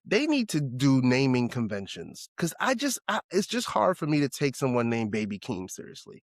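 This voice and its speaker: A man with a New York accent co-hosts a relaxed podcast chat. His voice swings widely up and down as he tells stories and acts out what friends said. The sound is close and dry, with no room behind it. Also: medium pitch, moderate pace, dry recording. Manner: animated storyteller who acts out quoted friends. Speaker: podcast co-host. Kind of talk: casual chat.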